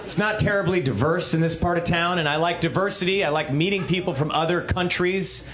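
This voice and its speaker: A man performing an animated stand-up comedy set. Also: a little high, fairly quick. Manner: animated, laughing. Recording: roomy club with crowd.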